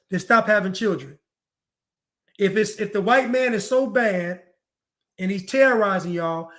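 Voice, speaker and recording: High-voiced man with a mocking preachy edge. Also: fairly bright tone. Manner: preachy and mocking, acts out other people's lines; repeats phrases for emphasis. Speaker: commentator. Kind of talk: monologue commentary.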